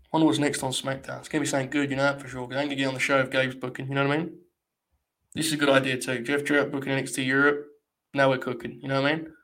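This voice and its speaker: A man's voice: mid-range voice, fairly bright tone. A young man hosting a live watch-along stream, talking in a mock-grandiose, rambling way full of swearing.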